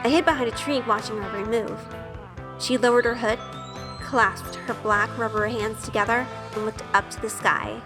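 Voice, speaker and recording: Actress as a shy young woman narrator, earnest and self-questioning, slightly high voice, reverberant with light music. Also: fairly even intonation, moderate pace, natural voice. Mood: self-conscious. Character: shy, nervous young woman, obsessive and curious. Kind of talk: first-person audio drama narration.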